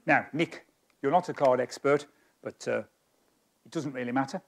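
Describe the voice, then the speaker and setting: A man's voice: mid-range voice, normal speed. A man performing live stage magic, chatting with volunteers in a self-mocking, joking way. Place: stage of a magic society hall.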